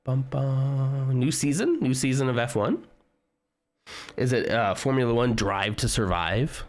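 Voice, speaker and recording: A man's voice: mid-range voice, unhurried. A man streaming live, chatting casually and joking with his viewers as he browses. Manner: chatty, joking, talks to chat while browsing.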